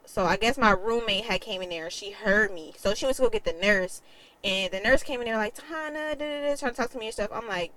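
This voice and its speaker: A woman's voice: mid-range voice, fairly bright tone, poor audio. A young adult woman telling a personal story in a candid, emotional way, with casual swearing. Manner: quotes others in a changed voice. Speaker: vlogger.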